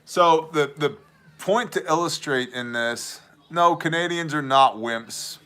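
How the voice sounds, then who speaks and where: A man's voice: fairly high pitch, takes it slowly, pushed and bright, clear, resonant tone. A man from Wisconsin hosting a casual livestream, joking and laughing often. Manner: joking, laughs often, mock Canadian voices. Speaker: livestream host.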